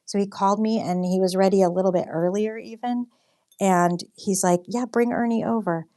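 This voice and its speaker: A woman's voice: mid-range voice, fairly even intonation, normal speed, dark tone. A young woman chatting casually on a livestream while she paints, telling a story with lots of fillers and reading out viewer comments. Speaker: livestream host and artist.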